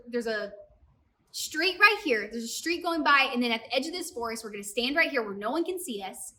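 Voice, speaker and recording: A young woman with a high, bright voice tells a personal story during a youth service talk, keeping it lively and often addressing the kids directly. She sounds a little far from the mic, with soft music playing beneath her.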